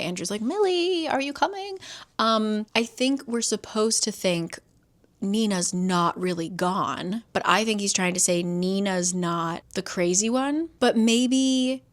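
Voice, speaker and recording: A young woman chatting casually about a thriller, reading passages aloud and acting out the characters' lines. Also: lowish voice. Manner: chatty, animated, swears casually, acts out quotes. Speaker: book vlogger. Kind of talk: casual book reading vlog.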